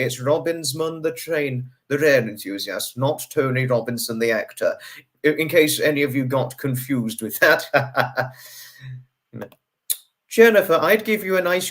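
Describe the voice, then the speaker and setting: A man hosting a livestream, effusively greeting viewers and repeating his hellos over and over. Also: fairly bright tone. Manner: pitch swings up and down sharply. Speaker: livestream host.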